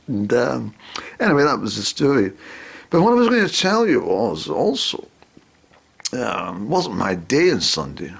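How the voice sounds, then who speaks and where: A man telling a rambling comic story, hesitating with lots of ums, in a raspy, creaky voice. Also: mid-range voice, wildly swooping pitch, normal speed.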